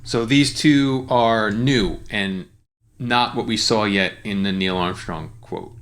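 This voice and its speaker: A man teaching lyric writing in a relaxed, explanatory way, with frequent fillers and restarts. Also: fairly low pitch, takes it slowly. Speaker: songwriting teacher. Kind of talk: casual screen-share tutorial.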